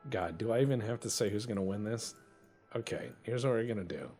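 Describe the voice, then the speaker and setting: A man's voice: lowish voice, a little fast, a little mellow, soft background music. A man hosting a let's play, giving casual commentary on a naval strategy game, joking, swearing and thinking aloud as he plays.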